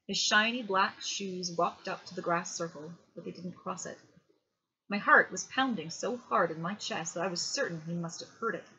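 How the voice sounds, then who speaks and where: Woman narrator, bedtime audiobook, low-ish bright voice, dull lo-fi sound. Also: normal speed, slight background noise. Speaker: reader. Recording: dull lo-fi home recording.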